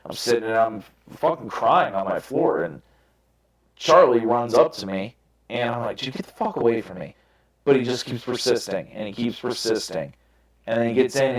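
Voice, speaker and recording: Young male podcast host, candid and profane, rambling storyteller, roomy echoey sound. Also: mid-range voice. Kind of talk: casual chat. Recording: roomy echo.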